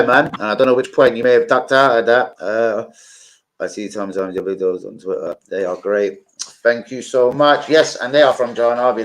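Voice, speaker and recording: A man's voice: lowish voice, rough recording. A young man, chatting casually on a live football stream, rambling and swearing with many fillers.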